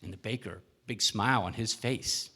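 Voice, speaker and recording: A man's voice: on the low side, normal speed, pushed and bright. A male minister telling a children's story at a worship service, asking the children questions as he goes. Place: church sanctuary. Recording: echoey church hall.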